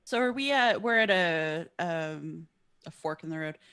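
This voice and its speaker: A woman with a fairly low voice plays a tabletop game. She talks casually and hesitantly, often stopping to ask the game master questions. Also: expressive, unhurried, a bit bright, smooth. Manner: chatty, hesitant, asks questions. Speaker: player.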